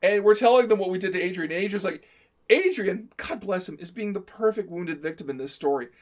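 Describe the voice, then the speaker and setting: A man's voice: sits high, a little fast. A man telling a comic story as a live-stream co-host, talkative, laughing through it and acting out the quotes.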